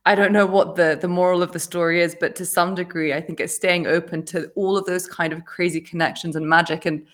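A podcast host with a fairly low-pitched voice and a brisk pace tells a personal story in casual conversation. She is animated, laughs often, and acts out what people said.

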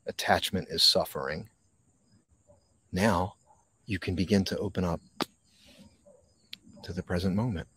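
A man hosting a live mindfulness podcast from a park, talking slowly and reflectively with dramatic pauses and reading viewer comments. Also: low voice, fairly even intonation, fairly bright tone, a little hiss or hum. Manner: reads and answers viewer comments. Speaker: podcast host. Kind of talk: live-streamed mindfulness talk. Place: outdoors in a park.

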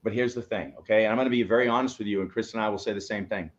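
A man's voice: lowish voice, fairly even intonation, racing, dull audio. A man co-hosting a motivational live show, coaching listeners in an emphatic, preachy way and swearing now and then. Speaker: co-host, coach.

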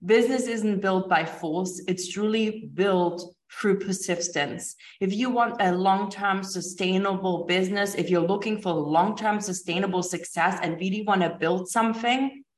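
A woman's voice: medium pitch, moderate pace, few pauses, recorded from a distance. A woman hosting a motivational business podcast, speaking emphatically and driving home the same rousing questions again and again. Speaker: podcast host and business coach. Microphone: recorded over a video call. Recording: roomy echo with faint music.

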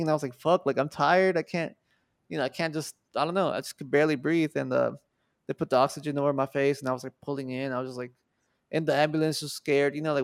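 A man in his twenties from Mexico, a podcast guest, spins a casual story loaded with swearing and performed dialogue. His fairly high voice is smooth and fast, in clean studio sound with no room noise.

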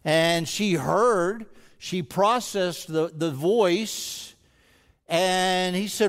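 A man's voice: high-pitched, extremely slow. Stammering male pastor, reverberant sanctuary. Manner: conversational preaching with frequent stammered restarts; rises to intense rhetorical questioning. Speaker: senior pastor. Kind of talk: sermon. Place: large church sanctuary. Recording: long hall reverb from a large sanctuary.

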